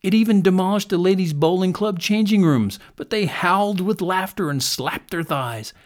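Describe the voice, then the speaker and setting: Male storyteller reading a children's tale, animated, shifts between hushed and lively. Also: normal speed. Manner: expressive, drops to a hush at quiet moments; builds in pitch and loudness as the action rises.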